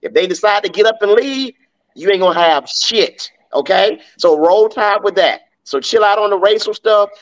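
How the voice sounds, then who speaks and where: A man's voice: sits high, animated, moderate pace, lo-fi sound. A man giving his blunt, emphatic take as a panelist on a casual sports talk podcast. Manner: blunt and emphatic, talks straight to the fans.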